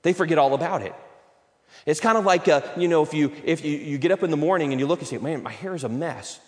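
A man's voice: on the high side, fast talker, in a large hall. A man preaching a conversational sermon, acting out little everyday dialogues as he goes. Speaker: pastor.

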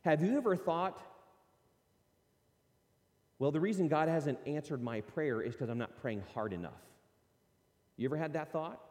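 Male pastor, sermon delivery, conversational and a touch high, recorded with long hall reverb. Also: darkish tone. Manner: conversational, acts out imagined prayers and objections.

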